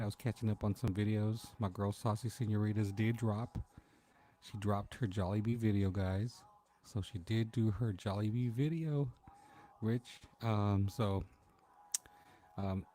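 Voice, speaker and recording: Mellow-voiced man hosting a late-night livestream. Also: lowish voice, fairly even intonation, normal speed. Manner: laid-back, chatty, greets viewers by name. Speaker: livestream host. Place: at home at night.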